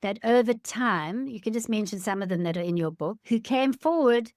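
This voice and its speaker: A woman host interviewing a guest with thoughtful, measured questions. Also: a little high, expressive, a little mellow, no echo, studio quality. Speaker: podcast host.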